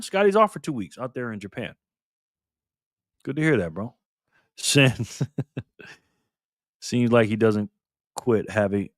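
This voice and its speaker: A man's voice: mid-range voice, fairly bright tone, dry recording, studio quality. A man hosting a casual livestream, reading viewer comments aloud in a loose, laid-back way and calling people man and brother. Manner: loose, repeats and restarts phrases. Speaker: livestream host.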